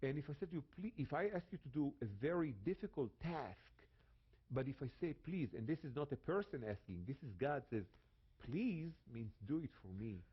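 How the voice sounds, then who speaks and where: A man's voice: medium pitch, expressive, brisk, breathy edge, muffled recording. A man from Israel with an Israeli accent, teaching about the Bible in a dramatic way and repeating phrases for emphasis. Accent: Israeli Hebrew. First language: Hebrew.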